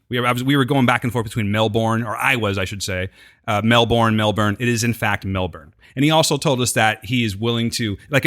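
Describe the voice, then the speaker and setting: Fast, animated American podcast host. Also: male voice, mid-range voice. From United States. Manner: animated, joking, teasing his co-host. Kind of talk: casual podcast chat recapping a TV episode.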